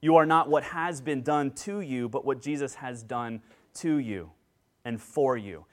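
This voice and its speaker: A man preaching a sermon as pastor, earnest and excitable, acting out joyful quotes, speaking into a handheld microphone. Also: mid-range voice, measured pace. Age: adult with children.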